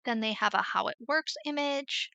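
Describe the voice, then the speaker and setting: Chatty woman teaching with gravelly fry. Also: on the high side, pushed and bright, no echo, lo-fi sound. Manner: chatty, explanatory, drawn-out emphasis. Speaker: Etsy selling coach. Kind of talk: screen-share tutorial.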